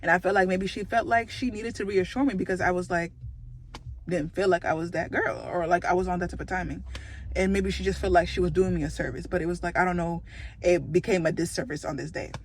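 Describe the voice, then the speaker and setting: A woman telling a story in a casual vlog, chatty and animated, with lots of fillers and laughter. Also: on the low side, fairly quick, slight background noise.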